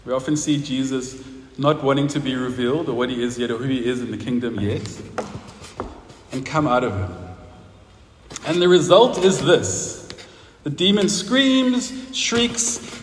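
Man, pastor, preaching a sermon, high pitch, echoey church hall. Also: expressive, unhurried. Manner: conversational, asks the congregation questions, laughs at own stories. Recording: roomy hall with long reverb, faint noise.

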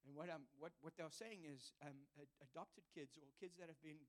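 A man's voice: a little high, normal speed. A man preaching a sermon, earnest and confessional, telling a personal story with self-mocking humour. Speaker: visiting preacher.

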